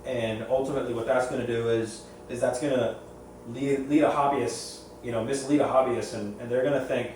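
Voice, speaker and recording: Male reef hobbyist, rambling opinionated storyteller, mid pitch, recorded from a distance in a very echoey room. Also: fairly even intonation, a little fast, a little mellow. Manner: rambling, repeats and restarts phrases. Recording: very echoey room, far from mic, faint noise.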